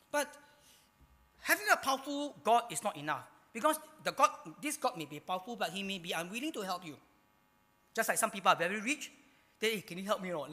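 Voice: mid-range voice, pushed and bright, big-room sound. A pastor with a Singaporean English accent preaching a sermon, emphatic, asking and answering rhetorical questions.

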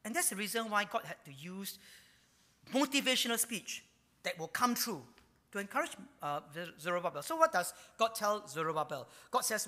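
A male preacher, his voice high and pushed hard with a sharp, forceful edge. He delivers his sermon in bursts, sinking into hushed asides and repeating phrases while he searches for words. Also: sing-song, moderate pace, big-room sound. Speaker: pastor.

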